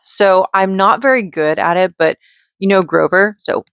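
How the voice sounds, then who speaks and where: A woman vlogging in a casual, rambling way, chatty and quick to giggle as she drifts off on tangents. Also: mid-range voice, fairly bright tone, dry recording, studio quality. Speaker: vlogger and mother.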